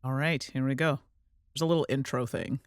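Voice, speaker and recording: A woman's voice: a bass voice, fairly quick, a little hiss or hum. A woman hosting a gameplay livestream, chatting in a rambling way and laughing easily. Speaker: host and streamer. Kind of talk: casual gameplay livestream chat.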